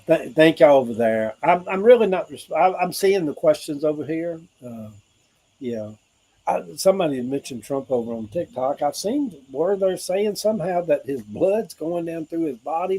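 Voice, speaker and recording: Poor audio carries this middle-aged Southern US man's voice, which sits on the high side with a dark tone and a breathy edge. Hosting an informal spiritual livestream, he speaks earnestly about hope and faith, rambling like a preacher and tossing asides to viewers.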